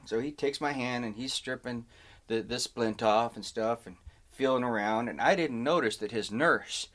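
A man in casual conversation, winding through a long anecdote with restarts and asides. His voice sits at an ordinary middle pitch, and he tells the story in a relaxed, conversational way. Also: normal speed. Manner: rambling, animated anecdote with self-interruptions. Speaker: podcast co-host telling a story.

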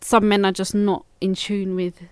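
A woman's voice: medium pitch, flat delivery, normal speed, a little mellow, smooth, no echo. A young woman, a midwife, talking casually and earnestly in an explaining way. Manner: earnest, explaining, many fillers. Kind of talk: casual chat.

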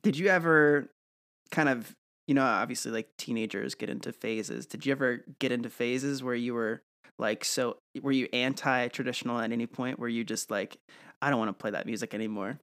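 A man's voice: mid-range voice, fairly quick, fairly bright tone. A man hosting a podcast, asking friendly and curious questions. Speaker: podcast host. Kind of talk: casual interview.

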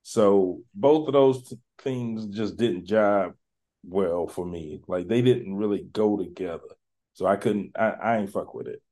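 A man's voice: on the low side, unhurried, mellow. A man hosting a podcast, chatting in a laid-back, slangy, rambling way. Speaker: podcast host. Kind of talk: casual chat.

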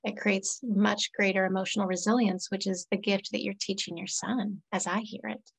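Woman therapist guest, reflective, middle pitch, slight vocal fry. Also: normal speed, rough recording. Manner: earnest, reflective, quotes clients in lively voices. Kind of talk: casual podcast conversation.

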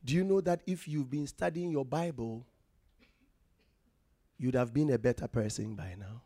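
A man's voice: medium pitch, moderate pace, warm tone, no room sound, studio quality. A man preaching a sermon in a church, reading scripture aloud and quizzing the congregation for answers.

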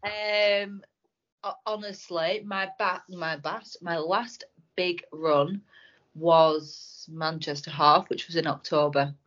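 A woman talking in a heartfelt, emotional way about running with friends, sometimes rushing her words. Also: lowish voice, fairly even intonation, fairly bright tone, lo-fi sound. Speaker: podcast guest. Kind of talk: emotional casual chat.

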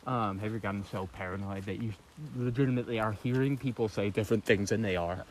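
A man's voice: on the low side, quick pace, slight background noise. A young man co-hosting a podcast on an outdoor hiking trail, mostly giving short agreeing replies and the odd dry quip. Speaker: podcast co-host. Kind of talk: casual chat while hiking.

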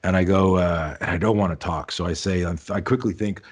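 A man's voice: deep voice, steady tone, fairly quick, few pauses, slightly rough. A man who teaches self-defense, a guest on an interview show, telling stories in a rambling, casual way with frequent restarts and free swearing.

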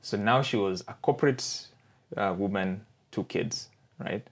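Man, 40s, lowish voice, reflective guest, halting delivery. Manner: reflective, halting, often checks in with "right?". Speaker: podcast guest. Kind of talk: candid personal storytelling.

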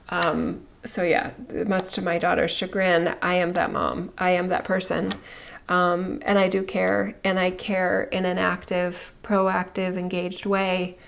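A woman's voice: medium pitch, steady tone, measured pace, gravelly, slight background noise. Woman host, forties, candid reflective monologue, acts out quotes, laughs easily. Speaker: video host.

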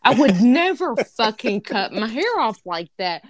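Loud-mouthed cussing lady on a horror podcast, voice jumping all over, takes her time, dry close mic. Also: fairly high pitch, big pitch swings, measured pace, no room sound. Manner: brash, profane, laughing storyteller. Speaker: podcast co-host. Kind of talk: casual chat.

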